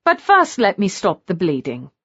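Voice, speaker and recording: A woman narrator voicing a fiery, sharp-tongued young noblewoman who snaps and gives orders. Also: medium pitch, wildly swooping pitch, normal speed, slightly rough, dry recording, lo-fi sound, full character voice. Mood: sharp, scornful. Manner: snapping, scornful, commanding.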